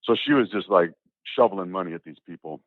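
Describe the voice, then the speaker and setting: Fast-talking low-voiced man on a tinny line. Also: no echo. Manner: animated, acts out quoted dialogue, repeats words. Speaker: interview guest. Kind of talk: casual spoken storytelling. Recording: tinny, phone-like, dry.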